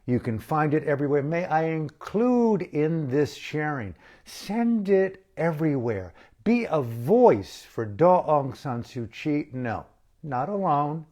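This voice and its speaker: A man giving an impassioned spoken address as an activist, slow and emphatic, with dramatic pauses and repeated phrases. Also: fairly high pitch, big pitch swings, darkish tone. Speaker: activist speaker.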